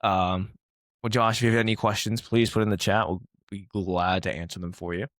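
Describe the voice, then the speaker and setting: Brief: male fitness coach co-host, low-ish voice, loose filler-heavy chat, dead dry mic. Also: level tone, brisk, fairly bright tone, no room sound. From Taiwan. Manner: rambling, filler-heavy, laughs often. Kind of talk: casual podcast chat.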